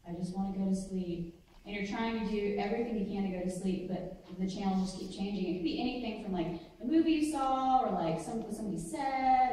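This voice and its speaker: Brief: woman panelist, chatty explainer, mellow tone, distant mic in a big echoey hall. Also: mid-range voice. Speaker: student panelist. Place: large lecture hall.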